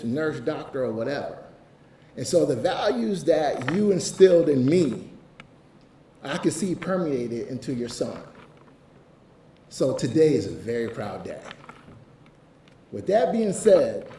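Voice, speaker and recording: A man's voice: on the high side, mellow. A man giving an emotional, earnest speech as fire chief at a ceremony, often saying "you know". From Ohio, United States. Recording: echoey room, distant mic, faint hiss.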